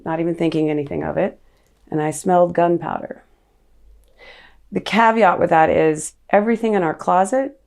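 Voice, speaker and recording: A woman's voice: lowish voice, gravelly, a little mellow. A middle-aged woman, a podcast guest, recounting a painful memory in a raw, earnest way. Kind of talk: personal storytelling in an interview.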